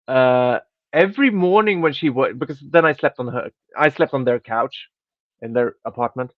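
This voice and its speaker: A man's voice: mid-range voice, dry recording. A man telling a rambling story in casual podcast chat as host, restarting sentences and swearing offhandedly. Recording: dry, dull lo-fi sound.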